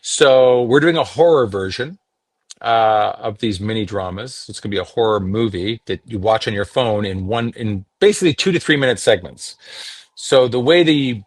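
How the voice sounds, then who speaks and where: A man's voice: on the low side, moderate pace, no room sound. Middle-aged canadian guy, voice actor chatting, jumps in and out of accents, dry close sound. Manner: demonstrates accents, animated storyteller. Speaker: voice actor guest. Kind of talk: casual interview chat.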